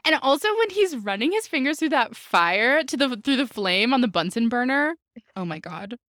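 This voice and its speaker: A woman's voice: a little high, big pitch swings, moderate pace, a bit bright, no echo, studio quality. A woman co-hosting a podcast in casual chat, giggly and enthusiastic, often saying "like" and "oh my God". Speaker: podcast co-host.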